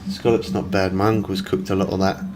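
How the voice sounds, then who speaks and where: A man's voice: low-pitched, brisk. A man streaming a game live, chatting and rambling as he reads viewer messages aloud. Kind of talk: casual live-stream chat. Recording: steady background noise.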